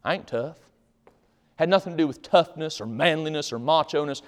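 A male pastor preaching a sermon in a church, swinging from loud shouts to quiet pleading. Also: a little high, brisk, in a large hall. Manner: impassioned Southern preaching with sudden loud shouts. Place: church sanctuary.

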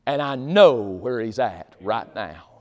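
A male pastor preaching a sermon in a church, swinging from loud shouts to quiet pleading. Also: medium pitch, animated, slow, long reverb tail. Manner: impassioned Southern preaching with sudden loud shouts. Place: church sanctuary.

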